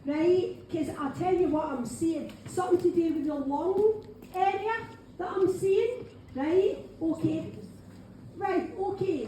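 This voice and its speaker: A Scottish woman with a high voice gives a live mediumship reading in a pub function room. She chats to the audience and keeps saying "right, okay". The room is very echoey with a faint hum of noise behind her. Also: dark tone. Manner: chatty, keeps saying "right, okay", calls people darling. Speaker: spiritual medium.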